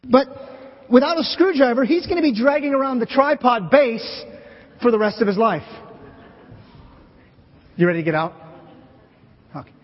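A pastor delivers a sermon with a husky, breathy voice that sits unusually high. He jokes with volunteers beside him as he goes. The recording is dull and lo-fi, with long reverb from the sanctuary. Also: lively intonation, moderate pace, long pauses. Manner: playful, joking with volunteers on stage. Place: church sanctuary.

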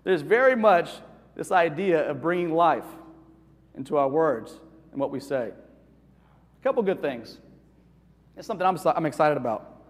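A man preaching in a church hall, his voice sitting noticeably high for a man. He talks to the congregation in an animated, conversational way and keeps asking them questions. A long reverb tail hangs behind every phrase. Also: moderate pace, long pauses. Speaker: pastor. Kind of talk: conversational sermon.

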